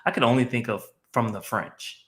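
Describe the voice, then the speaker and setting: A man's voice: medium pitch, steady tone, normal speed, fairly bright tone. A man with a mid-range voice chats on a podcast. He's enthusiastic, laughs a lot, and swears freely as he makes his points. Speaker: podcast co-host. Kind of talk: casual chat.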